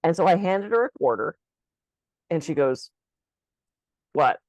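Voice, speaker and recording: A woman's voice: fairly low pitch, normal speed, no room sound, poor audio. A woman co-hosting a casual talk, telling stories about her clients and acting out both sides of the dialogue. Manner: animated storyteller, acts out dialogue. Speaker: practitioner and co-host. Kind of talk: casual conversation.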